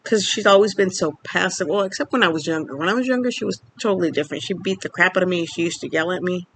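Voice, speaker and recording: A woman's voice: lowish voice, animated, fast talker, slight background noise. A young woman in her twenties, from Mexico, candidly telling a personal story in a casual vlog, rambling with lots of fillers. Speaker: vlogger.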